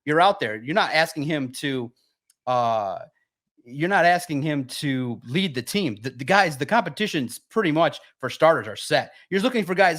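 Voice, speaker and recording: High-voiced, fired-up man telling a story. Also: fairly quick. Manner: animated storytelling, swears freely. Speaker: sports writer guest. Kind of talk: casual podcast chat.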